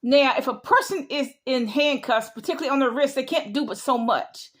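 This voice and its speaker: A woman's voice: sits high, a little fast. A middle-aged woman giving an emphatic opinion monologue, repeating her points in a lecturing way. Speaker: vlogger.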